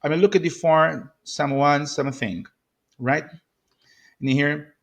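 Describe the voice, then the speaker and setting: A Brazilian man with a fairly high voice leads a beginner pronunciation drill. He says each phrase several times, stretching the stressed words. His English carries a clear Portuguese accent. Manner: repeats phrases slowly with exaggerated stress, switching into Portuguese asides. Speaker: English teacher. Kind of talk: pronunciation lesson with model phrases.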